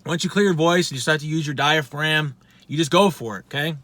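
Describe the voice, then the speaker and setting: A man's voice: on the high side, fairly quick, pushed and bright. A man giving a casual vocal lesson, talking bluntly with plenty of swearing and poking fun at himself. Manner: blunt, profane, self-deprecating. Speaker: vocal instructor.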